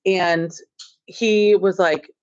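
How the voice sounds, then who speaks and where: A woman school administrator telling the school board a story in a chatty, excitable way, filling her talk with "like". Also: lowish voice, drawn-out words. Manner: chatty and excitable, heavy use of "like". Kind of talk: storytelling report at a board meeting. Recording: dull, muffled meeting audio.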